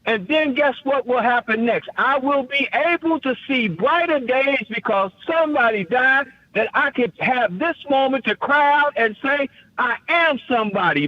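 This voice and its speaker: A fervent male caller with a high voice who preaches more than he talks, stuttering over repeated words as he builds his point. His voice is bone-dry and close, but it has a dull, lo-fi sound, as if it came through a narrow line. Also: expressive, moderate pace, few pauses, no echo. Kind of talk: impassioned call-in monologue.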